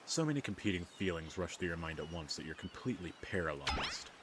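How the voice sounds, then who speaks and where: A man reads a dating game's text aloud in a let's play, adding wry, self-deprecating comments. His voice is deep with lively intonation and he talks fast, over heavy background noise and game music.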